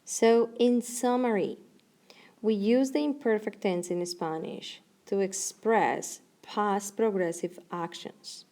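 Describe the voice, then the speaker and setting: A woman teaching a recorded grammar lesson, explaining clearly and slowing down for each example. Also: mid-range voice, darkish tone. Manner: clear, measured explanation with slow deliberate examples. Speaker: Spanish teacher.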